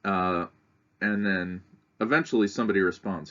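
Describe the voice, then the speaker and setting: A male teacher explaining a lesson to children, talking them through it with frequent pauses and fillers. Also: low-pitched, lo-fi sound. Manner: unhurried, talks students through steps with frequent "uh".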